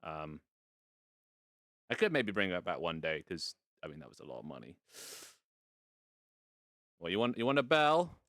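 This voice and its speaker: A man's voice: low-pitched, very animated, moderate pace, pauses often, fairly bright tone, no room sound, studio quality. A man casually hosting a live stream from inside virtual reality, rambling and playful with some casual swearing. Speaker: VR streamer hosting a fashion show. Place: indoors in a home VR setup.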